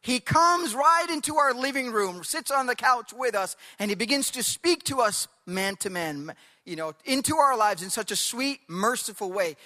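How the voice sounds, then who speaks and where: Here a man delivers a sermon in a very high, expressive voice that is bright and forceful, echoing with a long reverb tail. As a pastor, he emphatically draws out important words and has the congregation read along with him in call-and-response.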